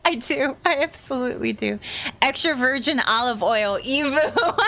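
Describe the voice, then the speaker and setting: A woman's voice: on the high side, normal speed, vocal fry, background noise. An American woman chatting casually and giggling while streaming a game, with lots of "like" fillers. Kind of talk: casual live-stream chat.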